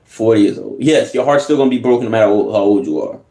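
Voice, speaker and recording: A man's voice: lowish voice, fast, gravelly, warm tone. Laughing, slangy man reacting. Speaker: reaction video host. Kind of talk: casual reaction commentary. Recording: echoey room.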